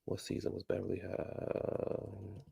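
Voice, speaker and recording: A man's voice: sits low, monotone, slow pace, vocal fry, mellow, slightly rough. A man giving a casual, blunt recap of a reality TV episode, chatty and full of asides. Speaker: reality TV commentator.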